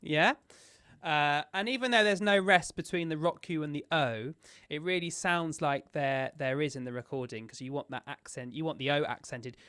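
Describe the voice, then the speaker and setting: A man's voice: on the high side, normal speed, a bit bright, clear, resonant tone, no room sound, clean studio sound. A man leading a choir sectional rehearsal as music director. He explains the parts step by step and counts in the beats.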